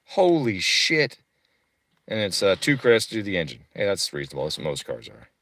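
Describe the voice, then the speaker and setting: A man's voice: deep voice, sing-song, a bit bright. A man casually walking through a tuning website, cursing freely and breaking into irritated rants. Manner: profane, quick to rant. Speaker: car tuner and streamer. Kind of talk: casual profane screen walkthrough.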